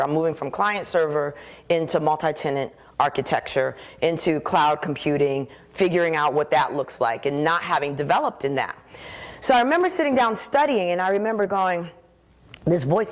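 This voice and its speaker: A woman speaking into a stage microphone at a conference keynote, her voice sitting a little low. She tells her story with animated energy and acts out the voices in her head.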